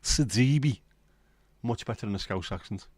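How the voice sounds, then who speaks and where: A man's voice: fairly low pitch, steady tone, moderate pace, darkish tone, dry recording. A middle-aged man hosting a casual late-night livestream, rambling and swearing as he bants with his chat from home. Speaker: livestream host.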